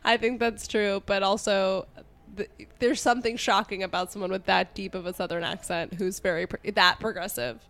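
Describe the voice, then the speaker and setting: A woman's voice: medium pitch, steady tone, normal speed, fairly bright tone. A young woman co-hosting a comedy podcast, chatting casually, laughing and trailing off mid-sentence. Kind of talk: casual chat, retelling history.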